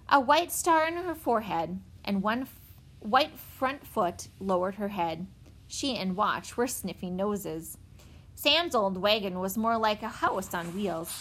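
Animated woman reading a storybook. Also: medium pitch. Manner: expressive, animated. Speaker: narrator. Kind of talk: storybook read-aloud.

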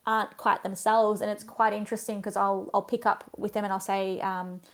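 A woman's voice: medium pitch, flat delivery, brisk. A woman with an Australian accent, a physiotherapist guest in casual podcast chat, telling stories chattily and laughing as she goes.

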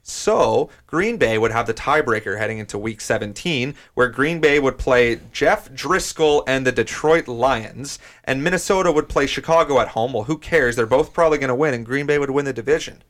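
A man's voice: mid-range voice, normal speed, hardly any pauses, a bit bright. A man hosting a sports talk show, arguing his playoff picks and laying out the standings step by step. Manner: argumentative, lays out standings step by step. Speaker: sports podcast host. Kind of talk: casual sports debate.

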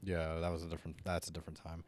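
Young man, low voice, crude jokes, casual podcast banter. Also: completely flat delivery, rapid-fire, a little mellow, no echo. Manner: crude joking storyteller. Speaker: podcast host.

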